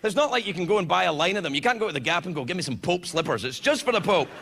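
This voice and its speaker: A man doing a stand-up comedy set, loud, animated and heavily profane in his delivery. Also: high voice, racing, vocal fry, breathy edge. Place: comedy venue before an audience. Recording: live club with crowd and noise.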